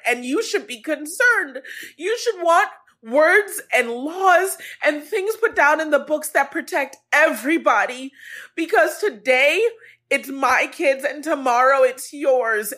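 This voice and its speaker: A woman podcast host speaking an earnest, halting personal message, near tears at times. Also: high voice, a bit bright. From Africa.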